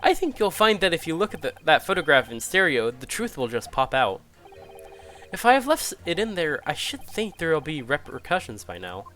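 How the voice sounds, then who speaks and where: A man's voice: fairly high pitch, sing-song, fairly quick, a bit bright, soft background music. A man voicing a forgetful male juror who rambles in an unsure way. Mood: dithering.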